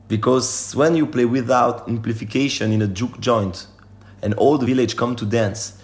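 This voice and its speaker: A man from France with a French accent, a Cajun band musician speaking animatedly in a casual interview. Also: medium pitch. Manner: animated, breaks into sung and shouted examples. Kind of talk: casual interview talk in a second language.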